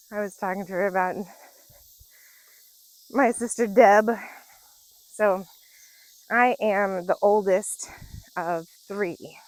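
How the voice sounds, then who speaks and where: A woman's voice: mid-range voice, poor audio. A woman in her forties telling casual stories while out on a walk, chatty and laughing often. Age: 40s. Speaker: vlogger. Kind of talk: casual storytelling. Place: outdoors on a nature walk.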